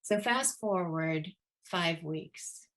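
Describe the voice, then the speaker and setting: Slow, earnest woman telling a story. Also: fairly low pitch, a bit bright. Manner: earnest, acts out quoted voices. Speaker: children's divorce program leader. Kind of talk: storytelling talk.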